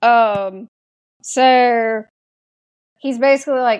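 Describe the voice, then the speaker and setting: A woman's voice: on the high side, unhurried, darkish tone. A woman with a Southern American accent, chatting casually as a podcast co-host and retelling scenes. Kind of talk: casual recap chat.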